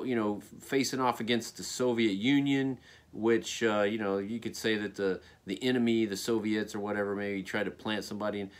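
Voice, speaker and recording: Rambling American man, low voice. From United States. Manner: rambling, frequent "okay?" and "you know" fillers. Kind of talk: casual spoken opinion monologue.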